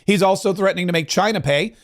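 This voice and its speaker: A man's voice: sits high, fast talker. A man hosting a political commentary show, talking emphatically with sarcastic asides. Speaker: talk show host.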